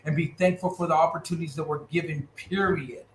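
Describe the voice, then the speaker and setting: A Californian man in a candidate interview talks bluntly and with conviction. His voice sits fairly high. The room around him is echoey, with faint noise behind. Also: fairly even intonation, quick pace. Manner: blunt, impassioned, emphatic. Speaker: political candidate.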